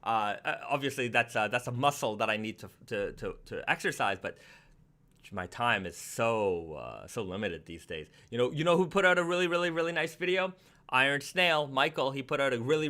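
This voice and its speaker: Male livestream host, casual home chat, bright timbre, mid pitch, rambling restarts. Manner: chatty, repeats words and restarts often. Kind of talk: casual live stream chat.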